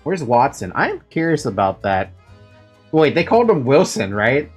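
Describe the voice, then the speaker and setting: A game streamer chatting casually over a playthrough, laughing easily between animated asides. The voice swings widely in pitch, with soft game music in the background. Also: moderate pace, husky. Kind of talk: casual let's-play commentary.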